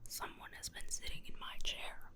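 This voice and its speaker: A woman whispering the lines of a big father bear in a soft whispered role-play. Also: normal speed. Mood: indignant.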